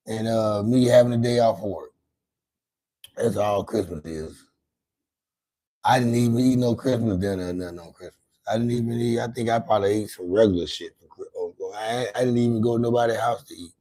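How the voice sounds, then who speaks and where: Over a low-quality recording comes a brisk, warm, medium-pitched male voice. The speaker, an adult with grown children, hosts a casual late-night livestream where he rambles, swears, and keeps repeating and restarting his words.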